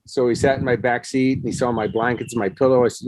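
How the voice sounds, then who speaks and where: Dry-sounding man telling animated stories. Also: medium pitch, fast, no echo. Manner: animated storyteller acting out quotes. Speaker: guest, actor and success coach. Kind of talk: casual interview storytelling.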